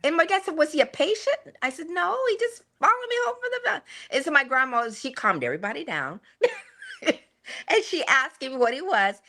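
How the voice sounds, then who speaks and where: Older lady telling stories, bright voice, pitch jumps all over, laughs a lot. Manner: animated, laughing storyteller. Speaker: guest, the host's mother. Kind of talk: casual storytelling chat.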